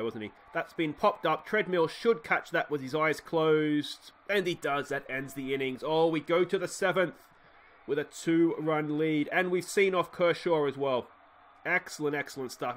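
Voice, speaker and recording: An Australian man giving excitable play-by-play commentary on a baseball sim game, swinging from muttered asides to shouted cheering at a desktop microphone. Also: fairly high pitch, normal speed. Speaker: let's play host.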